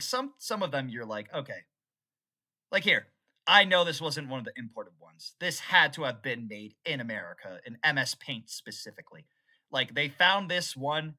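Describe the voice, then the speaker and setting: A young man rambling unscripted on camera, laughing and swinging from excited outbursts to mock-solemn musings. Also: medium pitch. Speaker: YouTuber. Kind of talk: unscripted rambling vlog commentary.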